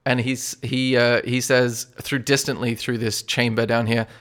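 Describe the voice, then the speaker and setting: A man's voice: medium pitch, measured pace. Chuckling man running a tabletop game. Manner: relaxed, chuckling narration with fillers. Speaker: game master.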